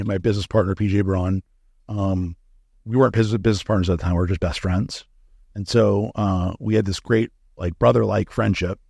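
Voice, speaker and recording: A man's voice: on the low side, vocal fry, darkish tone, husky, dry recording, studio quality. A middle-aged man as an interview guest, telling candid, profane stories and acting out the dialogue. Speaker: guest, supplement company founder. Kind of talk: casual interview storytelling.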